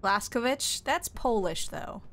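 A woman's voice: on the high side, animated, unhurried, a bit bright, soft background music. A woman co-hosting a game live stream in casual chat, playful and teasing, laughing often. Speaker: streamer co-host.

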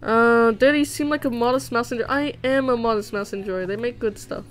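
In a fairly quick, high-leaning voice, a young woman chats with her stream while drawing, reading messages aloud. Her talk is bubbly and rambling, full of giggles and fillers, set against soft background music.

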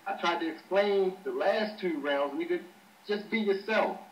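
A man's voice: high-pitched, normal speed, dull audio. A man talking loose, profane, dismissive smack between rap battle rounds over a voice chat mic. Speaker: battle rapper. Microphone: webcam chat mic. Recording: roomy distant webcam audio with faint hiss.

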